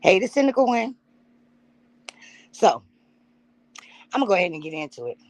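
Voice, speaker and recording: A woman's voice: medium pitch, sing-song, moderate pace. A woman talking casually on a livestream, blunt and profane, speaking straight to her chat while she gets herself together. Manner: loose and unprepared, stops to fumble with things.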